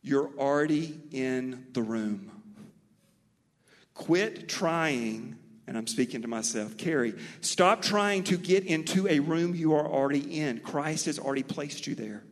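A man from Mobile, Alabama with a Southern accent, preaching a sermon as pastor with animated, folksy storytelling. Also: on the high side, a little slow, long reverb tail.

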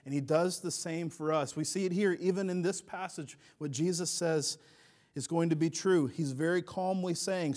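A middle-aged man delivers a sermon as a pastor. His voice sits a little high for a man. He presses hard on key phrases, then sinks back to a soft, low close. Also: normal speed. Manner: earnest, building to emphatic peaks then dropping soft.

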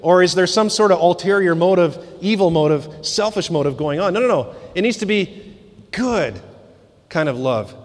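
A man's voice: high-pitched, expressive, normal speed. A man preaching a sermon as pastor, conversational, with joking asides and repeated phrases. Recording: long hall reverb.

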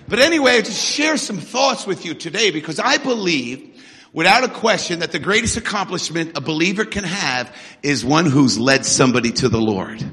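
Brief: energetic middle-aged preacher, bright ringing voice, swooping delivery. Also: male voice, on the high side, moderate pace. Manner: energetic, call-and-response preaching. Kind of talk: sermon. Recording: echoey hall.

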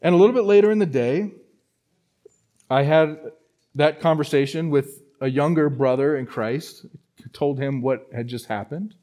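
A man's voice: on the high side, normal speed. Man preaching a storytelling sermon. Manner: storytelling, animated with many restarts. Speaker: pastor. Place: church.

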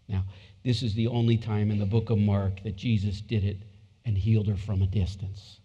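A man's voice: on the low side, flat delivery, normal speed, dark tone, breathy edge, dull audio. A man preaching a sermon as pastor, emphatic and repeating his points, acting out quotes from scripture. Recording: long hall reverb.

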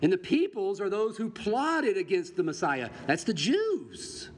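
A man's voice: sits high, wildly swooping pitch, a little slow. Preaching man in a reverberant church. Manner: preaching with rhetorical questions to the congregation. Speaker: pastor. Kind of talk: sermon. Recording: long reverb, faint background noise.

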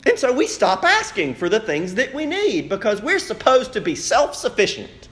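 A man preaching a sermon as pastor, with animated rhetorical questions. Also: high-pitched, normal speed.

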